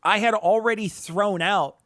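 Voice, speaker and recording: A man from Northern Illinois co-hosting a podcast, talking in a rambling, animated way with restarts and swearing. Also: high-pitched, unhurried, no echo, clean studio sound. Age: adult, past college. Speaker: podcast co-host. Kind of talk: casual chat.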